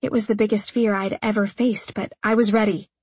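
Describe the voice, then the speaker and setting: A woman's voice: medium pitch, level tone, brisk, a little mellow, husky, no room sound. A woman reading first-person audiobook narration in an earnest, emotional way, close to the mic.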